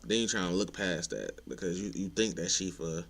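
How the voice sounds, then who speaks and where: Blunt laid-back man with a low voice. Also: big pitch swings, fairly quick, vocal fry, a bit bright. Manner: laid-back, blunt, profane, rises to exasperation. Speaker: content creator ranting to viewers. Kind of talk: casual opinion rant.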